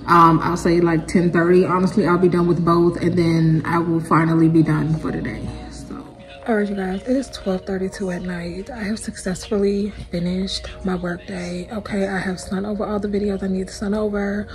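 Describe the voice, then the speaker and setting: A woman's voice: fairly low pitch, level tone, moderate pace, over music, poor audio. A young woman talking casually to her viewers in a vlog. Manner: chatty, talks straight to viewers as y'all and baby. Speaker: vlogger and content creator. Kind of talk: casual vlog chat to camera.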